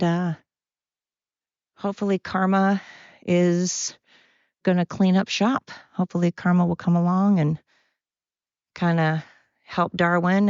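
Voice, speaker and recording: Woman, podcast host, heated profane rant, slightly low voice, dry close sound, muffled lo-fi recording. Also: darkish tone, clear, resonant tone, no room sound. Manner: blunt and profane, heated, repeating points. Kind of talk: casual opinion rant, solo podcast. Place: outdoors, walking around.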